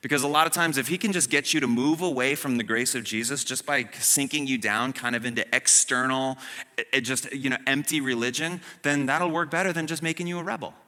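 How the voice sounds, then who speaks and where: A male pastor preaching in a loose, conversational way, full of asides and little jokes. His tone is very bright and cutting. The church adds a long, ringing reverb. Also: mid-range voice, a little fast. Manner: casual, humorous, many fillers. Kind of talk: sermon.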